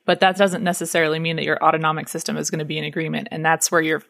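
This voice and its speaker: A woman cycling coach co-hosting a podcast, explaining ideas in casual chat with quick affirmations. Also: lowish voice, level tone, fairly bright tone.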